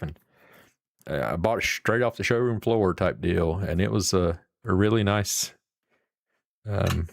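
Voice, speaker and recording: A man's voice: lowish voice, gravelly, no room sound, clean studio sound. A middle-aged man, chatting casually and rambling to his livestream viewers. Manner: rambling, folksy, swears casually. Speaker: livestream host.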